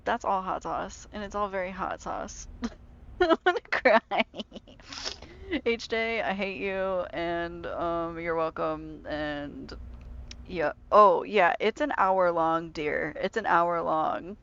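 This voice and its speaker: A woman streaming a video game, chatting casually and excitably with frequent swearing and playful grumbling. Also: on the low side, lo-fi sound, a little hiss or hum. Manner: chatty, excitable, quick reactions and self-talk. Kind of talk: casual live-stream gameplay commentary.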